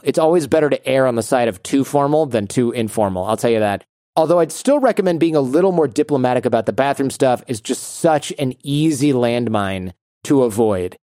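A man's voice: mid-range voice, mellow, dry recording, studio quality. A young man co-hosting an advice show, telling anecdotes in a blunt, wry way. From United States. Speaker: advice podcast co-host. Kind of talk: casual advice chat with anecdotes.

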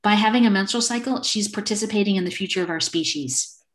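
A woman's voice: medium pitch, quick pace. A middle-aged woman in casual conversation, speaking openly and acting out little snippets of dialogue as she explains. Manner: animated, acts out little dialogues. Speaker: guest.

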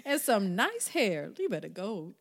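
A woman co-hosting a casual podcast chat, loud, playful and profane, often cutting in on her co-host. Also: medium pitch, very animated, measured pace, creaky, in a large hall, crowd noise.

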